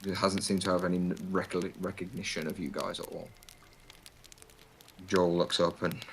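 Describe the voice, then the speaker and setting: Very deep-voiced male game master. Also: level tone, moderate pace, gravelly, long pauses, a little hiss or hum, poor audio. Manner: loose, descriptive, many fillers. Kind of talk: narrating a tabletop game.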